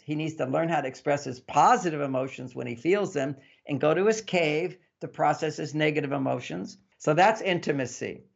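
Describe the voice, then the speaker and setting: A man, a relationship author, explaining in an interview in an animated way and acting out couples' dialogue. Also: fairly high pitch, gravelly. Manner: animated, acts out couples' dialogue in varied voices. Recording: dull lo-fi sound.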